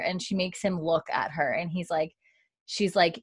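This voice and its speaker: A young woman co-hosting a podcast animatedly recaps a TV episode in casual chat, acting out the characters' lines and using lots of "like" fillers. Her lowish, slightly rough voice moves at a moderate pace, and the studio-quality recording has no echo.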